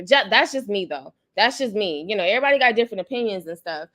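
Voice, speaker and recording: A woman's voice: medium pitch, animated, a little fast, few pauses, fairly bright tone. A woman hosting her channel's livestream, chatting casually about celebrity gossip, rambling and greeting viewers in the chat. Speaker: YouTube channel host.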